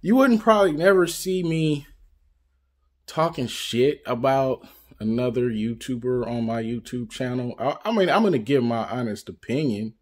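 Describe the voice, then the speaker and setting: A man from Northern California telling stories to his vlog audience in a loose, rambling way. He talks at an everyday mid pitch and keeps circling back with "you know what I'm saying" and restarts. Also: lively intonation, moderate pace. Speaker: YouTube vlogger. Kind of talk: casual storytelling monologue.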